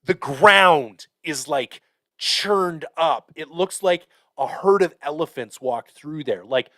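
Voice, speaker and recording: A man hosting a podcast, telling a hunting story in a casual, profane, animated way with lots of fillers. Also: fairly high pitch, slow, no room sound. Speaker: podcast host.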